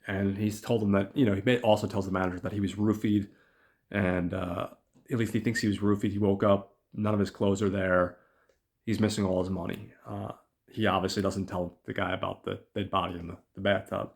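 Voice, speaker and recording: A man's voice: low-pitched, level tone, brisk, creaky. A man hosting a podcast, casually recapping a film's plot in a chatty, profane way and calling his listeners guys. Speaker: podcast host.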